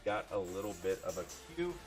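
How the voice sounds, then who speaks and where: Rambling, chatty livestream host, a man with a deep low voice, faint music behind. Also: sing-song, brisk. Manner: rambling and chatty, heavy on fillers. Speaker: livestream card seller. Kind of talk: casual livestream chat.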